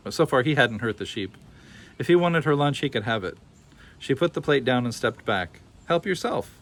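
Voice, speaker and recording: A man reading a children's picture book aloud with expressive, animated storytelling. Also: medium pitch, normal speed. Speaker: storybook reader.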